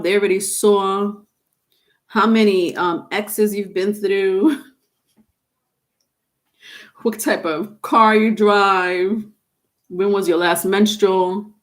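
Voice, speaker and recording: Woman tarot reader on a live stream; unhurried, halting delivery with repeats and casual swearing. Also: medium pitch, fairly even intonation.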